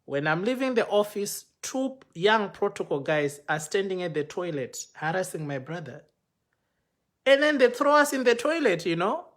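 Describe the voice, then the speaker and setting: A man telling his own story live over a phone, his voice sitting a little higher than most men's. He plays out the exchanges he recounts, rising and quickening when he quotes others. It is a casual, unscripted account. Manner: animated retelling, acting out quoted exchanges. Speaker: pastor. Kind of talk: personal storytelling on a livestream. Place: home, speaking to a phone for a live video. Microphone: phone microphone.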